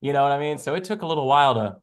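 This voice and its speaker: A man's voice: on the high side, animated, racing, clear, resonant tone. A man hosting a live trading stream, chatting casually in a rambling, jokey way and laughing often. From American South. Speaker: live trading show host.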